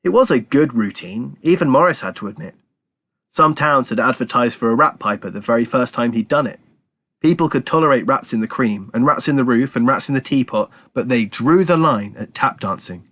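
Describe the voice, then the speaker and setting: Male storyteller, animated and expressive, reading a chapter book. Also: medium pitch, brisk, no echo. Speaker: children's storyteller. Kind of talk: reading an audiobook aloud.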